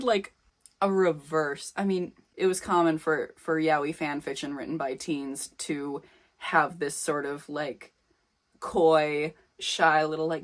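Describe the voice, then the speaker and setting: A woman's voice: low voice, fairly even intonation, takes it slowly. A young woman reading her old teen fan fiction aloud, with sarcastic, self-mocking comments in between.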